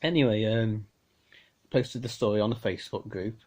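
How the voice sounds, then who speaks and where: A man's voice: fairly low pitch, moderate pace, a little mellow. A man, talking casually to a phone camera in a rambling, exasperated, chatty way. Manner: rambling, exasperated, chatty with frequent "you know". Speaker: amateur radio vlogger.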